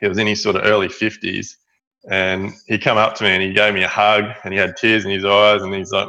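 Australian man, middle-aged, pitched low, talks in halting restarts, muffled lo-fi recording. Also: flat delivery, bright, forceful tone. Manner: halting, many fillers and restarts. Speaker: guest, building business owner. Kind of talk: storytelling interview. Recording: dull lo-fi audio.

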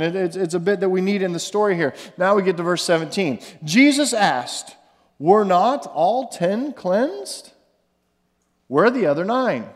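Male pastor with a high voice, chatty and halting in his sermon, recorded with heavy hall reverb. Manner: conversational, with fillers and repeated words; reads scripture aloud slowly. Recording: long reverb of a large room.

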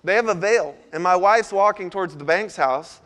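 A man pastor giving a sermon, telling a story with animated asides before laying out his points. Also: high voice, moderate pace.

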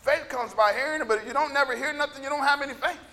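Scratchy high-voiced preaching man. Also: quick pace. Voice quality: scratchy, gravelly. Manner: impassioned preaching, bursts of shouting. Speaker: pastor. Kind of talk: sermon. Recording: echoey hall reverb.

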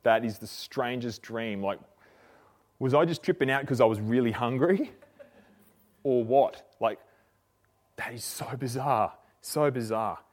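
A man's voice: mid-range voice, measured pace, pauses often, lightly acted. A man voicing a bewildered man who refuses strange food, in an incredulous, protesting manner, within a sermon.

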